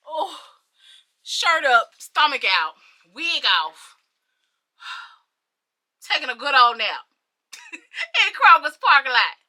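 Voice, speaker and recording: High, bright, animated woman storyteller. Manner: animated, dramatic, profane, slangy. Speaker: storytime vlogger. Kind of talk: casual storytelling.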